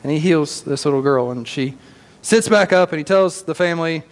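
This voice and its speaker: A male pastor preaching a sermon as animated storytelling with casual slang. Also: a little high, moderate pace, long reverb tail.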